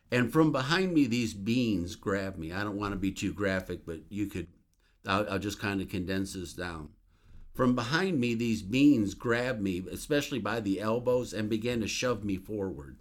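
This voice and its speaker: A man who is a minister, sharing a religious testimony in an earnest, emphatic storytelling manner. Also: medium pitch.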